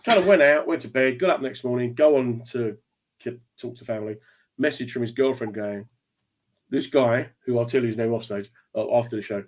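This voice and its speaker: A man, a comedian hosting a radio show, telling a lively anecdote and acting out the voices of the people in it. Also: medium pitch. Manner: fast, animated storyteller acting out dialogue. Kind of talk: casual chat, telling a stage anecdote.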